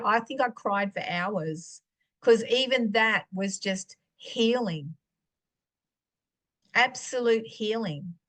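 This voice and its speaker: A woman's voice: medium pitch, fairly bright tone. A woman giving a personal teaching talk as a preacher, telling stories and acting out her own dialogue.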